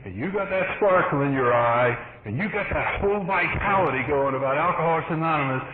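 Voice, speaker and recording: A man's voice: fairly high pitch, animated, a little fast. A man giving earnest personal testimony at a recovery meeting, telling his story and acting out the dialogue. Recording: tinny, hissy vintage tape recording.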